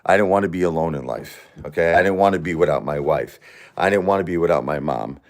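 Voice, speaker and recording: A man in his forties, grief-stricken, talking haltingly on a livestream as host and answering viewer comments. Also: low-pitched. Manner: halting and repetitive, many restarts and fillers.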